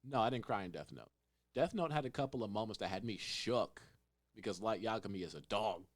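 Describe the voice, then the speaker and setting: A young man hosting a casual podcast, telling a story with lively acted-out quotes. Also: fairly low pitch, fairly quick. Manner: animated storyteller, acts out quotes in raised voices. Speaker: podcast host. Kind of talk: casual chat.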